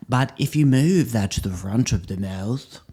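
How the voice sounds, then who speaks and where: A man's voice: medium pitch, expressive, unhurried, dark tone, slightly rough. A middle-aged man with an Australian accent, playing a drama teacher in a scripted comedy monologue, with a theatrical, pompous, affected delivery.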